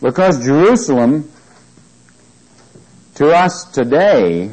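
A man's voice: medium pitch, very animated, takes it slowly, long pauses, darkish tone, husky, poor audio. A man teaching a Bible study, reading scripture aloud with emphasis and often checking whether listeners follow him. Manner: asks the listeners questions often.

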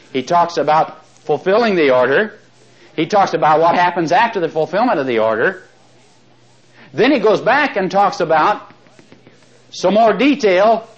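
A man teaching a Bible study class, talking in a chatty, animated way with asides and chuckles, slowing down to read verses aloud. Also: a little high. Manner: slows right down when reading verses aloud. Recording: dull lo-fi recording.

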